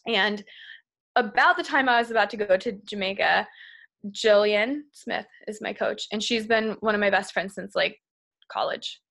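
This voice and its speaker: A young woman, speaking as a guest to a group, tells a frank personal story at a moderate pace in a medium-pitched, slightly bright, creaky voice. She often says "like" and is sometimes on the verge of tears.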